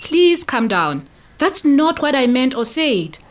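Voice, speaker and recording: A woman's voice: high-pitched, sing-song, takes it slowly, heavily acted. A woman playing a concerned mother and family friend who speaks hesitantly and apologetically. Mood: careful.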